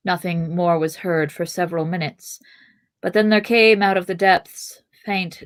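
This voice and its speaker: A woman's voice: on the low side, measured pace. Woman narrating a fantasy novel aloud. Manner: expressive narration, chatty asides. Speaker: podcast host and reader. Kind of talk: reading a novel aloud with asides.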